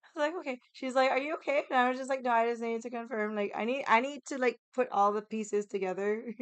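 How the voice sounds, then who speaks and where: A woman's voice: a little high, fairly quick, clean tone, no room sound. A young woman casually telling a story, laughing often, swearing freely and acting out the voices of the people she quotes. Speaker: vlogger.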